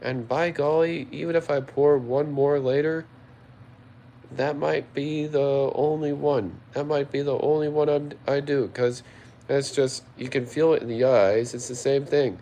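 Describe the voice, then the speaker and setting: A man's voice: mid-range voice, fairly even intonation, measured pace, warm tone, a little hiss or hum. A tipsy man hosting a livestream, reading chat aloud and answering in a rambling way, repeating himself often. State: tipsy after a few drinks.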